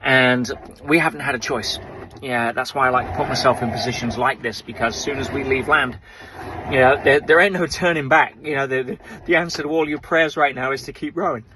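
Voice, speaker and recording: A man on a small rowing boat out at sea, recording a reflective, motivational video diary in a halting, thoughtful way with many fillers. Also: mid-range voice, background noise. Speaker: ocean rower sending a video update.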